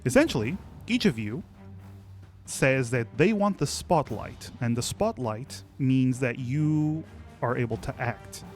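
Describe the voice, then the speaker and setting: A man narrating as game master in a relaxed, chatty way. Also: medium pitch, unhurried, soft background music. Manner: relaxed, chatty, many fillers and restarts.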